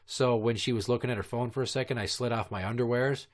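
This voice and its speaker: A man's voice: mid-range voice, fairly even intonation, fast talker. A man in his thirties hosting a comedy podcast, telling crude stories in long, profane, rambling run-on rants. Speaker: podcast host.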